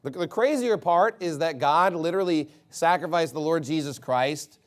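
A man's voice: fairly high pitch, normal speed. A man preaching a sermon in a casual, conversational way, asking lots of rhetorical questions. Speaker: pastor.

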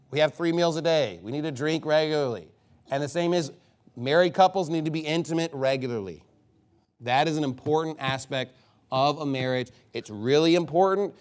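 A male pastor preaching from the pulpit, his voice sitting a little high for a man. He reads scripture at a measured, deliberate pace and then drives his points home with rhetorical questions and repeated phrases. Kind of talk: sermon.

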